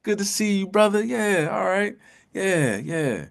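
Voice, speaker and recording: A man's voice: high-pitched, lively intonation, a little slow, gravelly, voice pushed up, full character voice. A man doing an overly cheerful fake friend. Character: falsely friendly man greeting a buddy.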